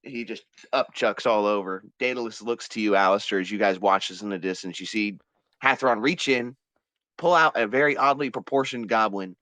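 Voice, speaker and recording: A man's voice: on the low side, moderate pace, bright, forceful tone, no room sound. A man narrating as game master in a casual, descriptive way and swearing freely.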